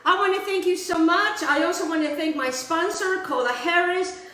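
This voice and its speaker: A woman's voice: extremely high pitch, moderate pace, pushed and bright, very echoey, low-quality recording. A woman hosting a cooking show, chatting casually to her viewers as she demonstrates a recipe in her kitchen. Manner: chatty, addresses viewers as guys, repeats "just like that".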